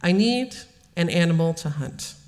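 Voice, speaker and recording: A woman reading the part of a playful young elephant-headed boy god, speaking excitedly and boastfully, in a reverberant church hall. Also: lowish voice, unhurried.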